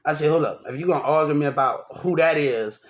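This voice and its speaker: A man's voice: on the high side, fast, a little hiss or hum. A young man rambling through a personal story, repeating himself and restarting often. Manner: repetitive, restarts often, animated. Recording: roomy echo.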